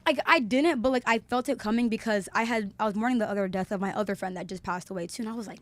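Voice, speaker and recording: A young woman talks fast in casual podcast chat. She tells her story with lots of "like" and acts out each quote. The sound is close and dry. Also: medium pitch, no echo. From Alabama, USA. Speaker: podcast guest.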